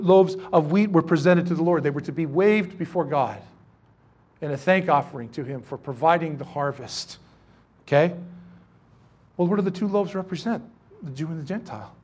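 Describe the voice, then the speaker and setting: A man preaching a sermon to his congregation, animated and joking, with many rhetorical questions. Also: fairly high pitch, breathy edge. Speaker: pastor.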